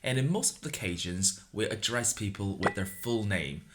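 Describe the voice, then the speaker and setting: Man, native Chinese speaker, teaching an upbeat lesson with a very animated, swooping delivery, over clear background noise and clicks. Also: fairly low pitch, normal speed. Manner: upbeat, stresses example words. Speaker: language teacher. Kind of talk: scripted explainer lesson. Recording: noisy recording with clicks.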